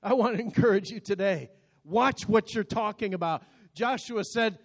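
A man in his sixties preaching a sermon as pastor, speaking emphatically with sudden swings between loud and soft, and often repeating words as he starts a phrase. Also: high voice, moderate pace. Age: 60s.

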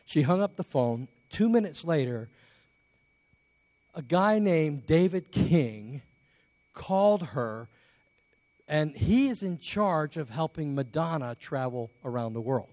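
A man's voice: a little high, lively intonation, takes it slowly, darkish tone, dry recording. A man from England preaching a sermon as a pastor, telling a story with many restarts and building up to emphatic calls to persevere.

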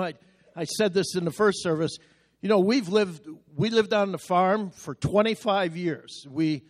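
A middle-aged male pastor with a notably high voice delivers a sermon. He moves from folksy storytelling to fervent, rising exhortation. His voice rings with the long reverb of a large sanctuary. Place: church sanctuary.

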